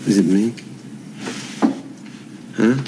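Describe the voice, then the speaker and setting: Pleading young husband; low, gravelly, hissy old TV sound. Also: male voice, fairly even intonation, drawn-out words, heavily acted. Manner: earnest, pleading. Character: anxious young husband pleading with his wife. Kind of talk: 1970s TV soap acting. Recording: noisy old TV audio.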